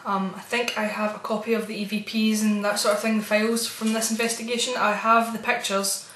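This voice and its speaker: In a brisk, level voice of medium pitch, a woman vlogs casually, rambling through a spooked tale of what she's experienced. She's chatty and wandering, with soft nervous asides, and the audio carries a little hiss or hum plus a roomy echo.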